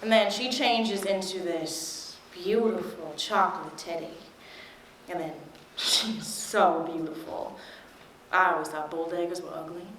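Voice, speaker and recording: Young woman telling a frank, wry memory, slowly. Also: fairly low pitch, slight background noise. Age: young adult. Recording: echoey room.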